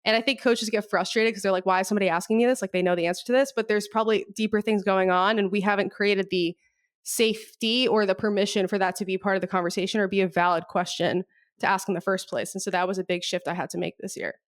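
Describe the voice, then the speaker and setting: A woman's voice: medium pitch, fairly even intonation, fast. A woman business coach, a guest on a podcast, speaking casually with many fillers and the occasional swear word. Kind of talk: casual conversational interview.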